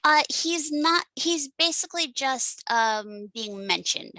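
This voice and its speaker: A woman author from Western New York talks with a bright, forceful voice, recorded dry and close. She wanders between thoughts, pausing on ums and uhs and poking fun at herself as a podcast guest. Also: high-pitched, animated, dry recording, rough recording. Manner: scattered, self-deprecating, many ums and uhs. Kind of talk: casual podcast chat.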